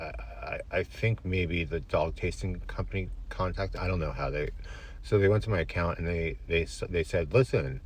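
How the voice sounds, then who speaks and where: A man telling an absurd comic story to camera in a deadpan, rambling way. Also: low-pitched.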